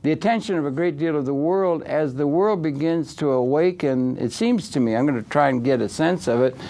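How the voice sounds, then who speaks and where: A man's voice: on the high side, a little fast, dark tone. A man hosting an interview show, rambling and editorializing, with many affirming interjections. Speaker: host.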